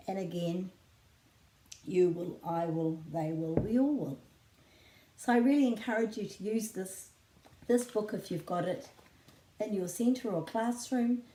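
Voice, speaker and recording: A woman with a New Zealand accent, a children's book author teaching in a clear, patient way and spelling out words slowly. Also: mid-range voice, warm tone, roomy sound, poor audio. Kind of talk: friendly teaching talk.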